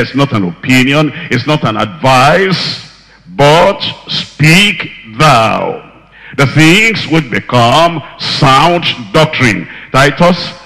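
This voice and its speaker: Slow, bright-voiced preacher in a hall. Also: male voice, medium pitch. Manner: emphatic, repetitive preaching cadence. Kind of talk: sermon.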